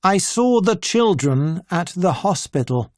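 A reader voicing a calm, grave older male doctor who hunts vampires, in an audiobook. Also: mid-range voice, unhurried, no room sound, clean studio sound. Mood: earnest. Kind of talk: audiobook character voice.

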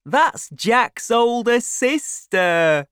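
A lively young boy in a children's storybook, eager and forthright, voiced by a woman. His voice is high and pushed forward. The sound is close and dry. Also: very slow, smooth, dry recording, full character voice.

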